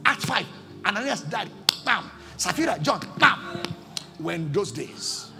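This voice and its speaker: A Nigerian-accented man preaching a sermon as pastor, impassioned, swinging between shouts and low pleading, in a church service. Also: sing-song, slow, creaky, music in the background.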